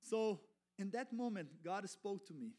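A man, not a native English speaker, preaching as a guest pastor in halting, self-correcting English that builds to fervent shouting. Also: high voice, lively intonation. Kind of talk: sermon.

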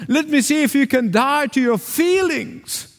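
A man from the Arab world preaches with a high voice and an emphatic, repetitive cadence. His words echo with a long reverb through the church hall. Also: expressive, unhurried. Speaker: pastor. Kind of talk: sermon.

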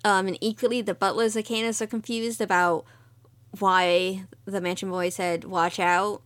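A young woman co-hosting a podcast, speaking at a medium pitch. She is chatty and easygoing, and she walks through episode scenes in a relaxed, conversational way. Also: normal speed. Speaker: podcast co-host. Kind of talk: casual anime recap chat.

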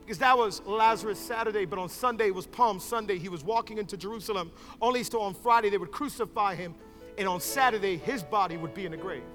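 A male pastor preaching in a church, his voice very high and bright. He tells the story in a casual, chatty way, then climbs into loud, fervent shouting. Soft music plays underneath. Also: fast. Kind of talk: sermon. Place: church sanctuary with congregation.

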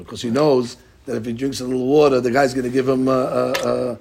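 A man teaching a Talmud study class, explaining the text in an animated way and acting out both sides of the argument in quotes. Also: mid-range voice, brisk, creaky, a little hiss or hum.

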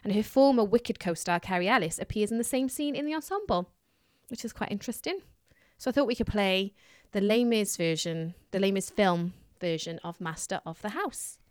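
A woman's voice: mid-range voice, normal speed, no echo, clean studio sound. A woman co-hosting a radio show, chatting casually and teasing her co-host as she reads out cast news.

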